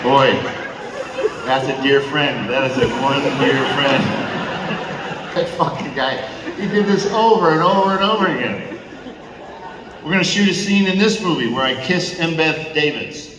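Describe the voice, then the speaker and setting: An older man, an actor, telling lively anecdotes at a fan Q&A, mimicking others and laughing often. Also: a little high, moderate pace, pauses often, a loud crowd. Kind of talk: storytelling Q&A on stage. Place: large theater with audience. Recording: distant, echoey hall with noise.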